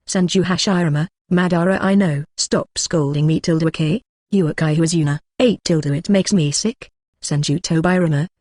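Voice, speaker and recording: A text-to-speech voice narrating a translated web novel in an even, flat delivery, reading punctuation marks and symbols aloud. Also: medium pitch, dry recording, clean studio sound. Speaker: audiobook narrator.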